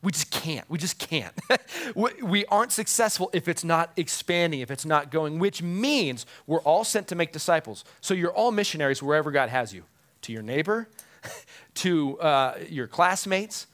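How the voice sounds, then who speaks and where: A male pastor delivering a sermon in a relaxed, conversational way. His voice sits a little high for a man, and he often chuckles and repeats his key phrases for emphasis. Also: moderate pace.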